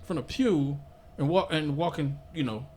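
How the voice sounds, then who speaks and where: Male podcast host, high and very expressive, laughing storyteller, noisy room. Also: moderate pace. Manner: animated storyteller, laughs often, stammers and restarts. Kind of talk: casual storytelling chat.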